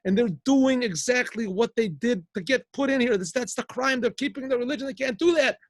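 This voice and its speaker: A storyteller acting out an angry middle-aged Soviet secret police chief who rants insistently. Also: male voice, on the high side, brisk, close to an everyday voice. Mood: indignant. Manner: indignant, insistent ranting.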